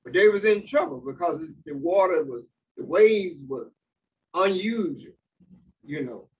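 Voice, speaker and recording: A male pastor with a high, expressive, darkish voice preaches unhurriedly in a church sanctuary. He alternates between reading scripture and stopping to explain it, often using fillers and restarting. Faint hiss and a dull tone come from the distant mic.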